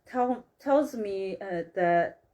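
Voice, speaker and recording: A woman with telling a story in casual chat, animated and acting out quoted dialogue. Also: mid-range voice, extremely slow, noisy background. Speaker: guest, psychic massage healer.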